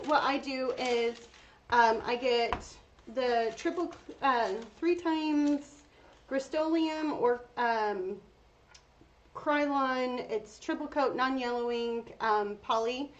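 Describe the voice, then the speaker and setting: Chatty high-voiced woman crafting. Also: slow. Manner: chatty, talks to viewers while working. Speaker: craft tutorial host. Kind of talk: casual painting tutorial. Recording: dull lo-fi sound with faint noise.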